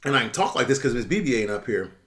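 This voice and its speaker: A middle-aged American man who comments on currency on YouTube rants bluntly and with profanity on his own live stream, answering viewers. His medium-pitched voice is very animated, quick and a bit bright.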